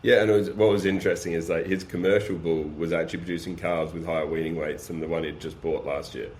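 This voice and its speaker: Deep-voiced man explaining with energy. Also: quick pace, slight background noise. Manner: energetic, explains with practical examples and rhetorical questions. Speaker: guest, beef supply chain business. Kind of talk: casual podcast conversation.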